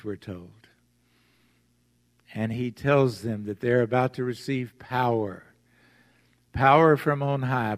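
A man's voice: medium pitch, a little mellow. A man preaching a sermon as pastor, retelling the story and acting out its voices. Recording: long hall reverb.

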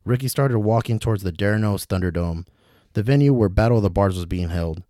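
A man narrating a comedic fantasy story in a deadpan way. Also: on the low side, fairly quick, dry recording, clean studio sound. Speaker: podcast storyteller.

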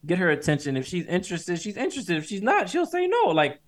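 Animated man telling a story. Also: sits high, quick pace. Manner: animated storyteller, acts out quotes, repeats himself. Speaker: podcast co-host. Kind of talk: casual storytelling chat.

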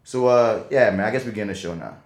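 A man hosting a podcast, telling stories in an animated, slang-heavy way. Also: lowish voice, fast. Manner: animated, slangy storytelling full of "you feel me". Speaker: podcast host and stage actor. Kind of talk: casual podcast chat. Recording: roomy echo.

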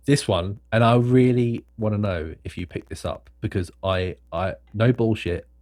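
A man's voice: on the low side, moderate pace, darkish tone, no echo, clean studio sound. A man co-hosting a film podcast, eagerly sharing nerdy film trivia in casual chat. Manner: enthusiastic, nerdy trivia telling. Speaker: podcast co-host.

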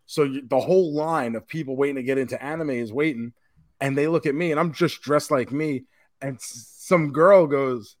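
This man's medium-pitched voice keeps a moderate pace in studio-quality audio without echo. As a podcast co-host, he chats casually through a convention story with the odd swear word.

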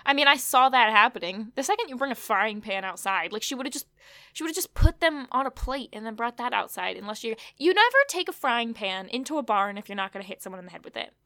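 A woman's voice: on the high side, lively intonation, fast, pushed and bright, no echo, clean studio sound. A woman co-hosting a casual chat, recapping an episode with wry asides and lots of fillers. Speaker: podcast co-host.

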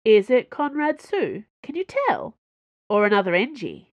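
A woman's voice: a little high, very animated, a little slow, no echo, lo-fi sound, voice pushed up. A woman playing an anxious young cadet. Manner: anxious, exasperated. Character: anxious young female cadet, sighing and worried.

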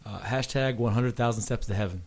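A man's voice: medium pitch, fairly quick, a little mellow. A man playing a casual word game with friends, giving short, dry punchline answers. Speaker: game contestant.

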